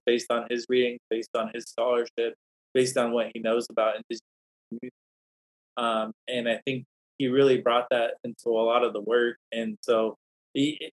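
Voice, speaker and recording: A man's voice: mid-range voice, poor audio. A man, a scholar who is a guest on a podcast, telling a long personal story in a rambling, anecdotal way, with many restarts. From Native American community.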